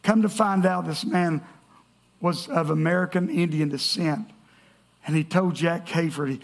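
High-voiced gravelly male preacher. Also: fairly even intonation, moderate pace. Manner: storytelling, reading scripture aloud. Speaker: pastor. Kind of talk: sermon.

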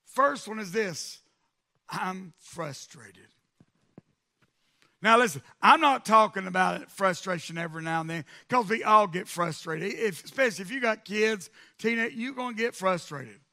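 A middle-aged male pastor preaching a sermon, building to emphatic, shouted repetitions. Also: high-pitched, moderate pace, creaky, few pauses.

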